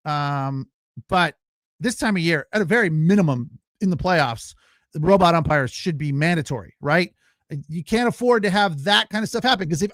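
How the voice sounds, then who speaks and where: High-voiced man ranting on a sports podcast. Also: fairly bright tone, no echo, studio quality. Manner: loose, ranting, with fillers and swearing. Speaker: podcast host. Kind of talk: casual sports podcast talk.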